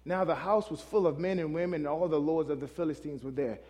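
A man's voice: fairly high pitch, quick pace, warm tone. A male pastor preaching a sermon in a loose, conversational way, often calling out questions to the congregation. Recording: long hall reverb.

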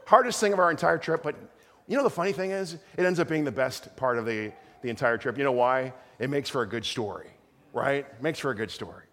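A middle-aged man pastor telling a rambling, animated story in a sermon, with many restarts. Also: medium pitch, fairly quick, a little hiss or hum. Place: church sanctuary. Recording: long hall reverb.

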